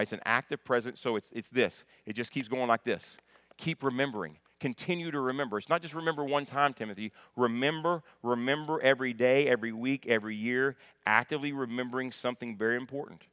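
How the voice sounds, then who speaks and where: A man delivering a sermon to a congregation. His teaching is conversational and full of restarts and questions to the listeners. His voice climbs to loud, emphatic moments. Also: medium pitch, dry recording. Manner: rises to loud emphatic peaks. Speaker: pastor.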